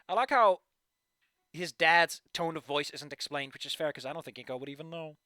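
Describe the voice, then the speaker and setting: A man reading fan fiction aloud and breaking off into excitable, jokey asides and rants. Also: fairly high pitch, a little fast, dry recording. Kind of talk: casual live commentary.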